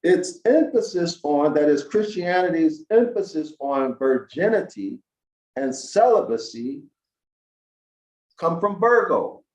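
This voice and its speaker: Slow, emphatic man lecturing in an echoey room. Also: on the high side, animated, darkish tone. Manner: preachy, slow and emphatic, asks the listeners questions. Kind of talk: lecture to an online audience. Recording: echoey room, dull lo-fi sound.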